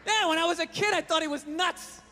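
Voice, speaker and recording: A man's voice: extremely high pitch, fairly quick, sharp tone, long reverb tail, slight background noise. A man doing a stand-up routine on a comedy stage, with a profane, ranting delivery into a handheld mic.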